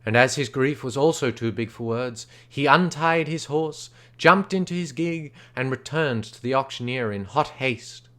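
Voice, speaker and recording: A man reading an old short story aloud unrehearsed, with steady narration and occasional stumbles. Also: medium pitch, normal speed, few pauses. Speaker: reader.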